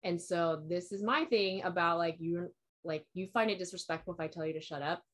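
A woman's voice: lowish voice, steady tone, brisk. A young woman in casual chat, telling a long personal story in a rambling way, filling it with "like" and quoting herself and others.

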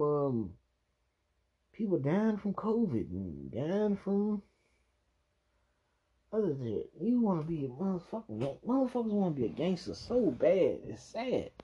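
In a dull lo-fi recording, a man with a high, mellow, slightly rough voice reacts angrily to news clips. He swears and rants throughout, delivering profane reaction commentary.

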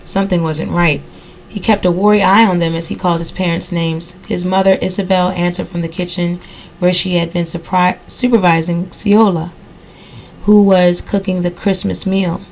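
A woman podcast host reading a novel aloud at a steady pace, breaking off now and then for casual asides. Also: fairly low pitch, moderate pace, a little hiss or hum, rough recording. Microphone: computer recording software.

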